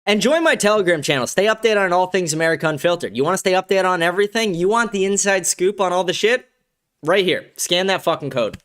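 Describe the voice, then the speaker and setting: A man's voice: high voice, animated, fast talker, fairly bright tone, smooth. A young man hosting a livestream show, ranting in a profane, aggressive, heated way. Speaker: show host. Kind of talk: livestream political rant.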